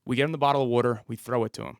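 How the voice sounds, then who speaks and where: Gravelly-voiced police officer telling a story. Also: male voice, mid-range voice, fairly even intonation, racing, no room sound, studio quality. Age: 30s. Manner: vivid storyteller who acts out the dialogue. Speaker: police officer, podcast guest. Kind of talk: storytelling interview.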